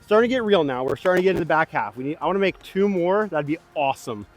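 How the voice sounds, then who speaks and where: A man giving casual running commentary while playing disc golf outdoors, excitable and hard on himself, a bit out of breath. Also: a little high, racing, soft background music. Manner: excitable, self-critical, talks to himself between throws.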